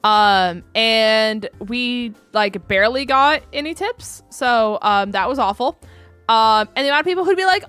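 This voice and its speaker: A woman's voice: a little high, expressive, measured pace, a bit bright, clean tone, no room sound, soft background music. A young adult woman chatting casually with her live-stream audience, rambling with many ums and likes.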